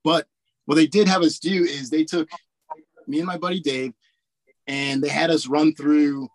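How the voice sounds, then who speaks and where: A man in his forties from Indiana tells his service stories to the interviewer in a loose, relaxed way. His voice sits a little high for a man, and it is recorded close and dry with no room sound. He leans on fillers and laughs often. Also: normal speed, dry recording. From Indiana, USA. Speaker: guest, army warrant officer pilot. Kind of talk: casual storytelling interview.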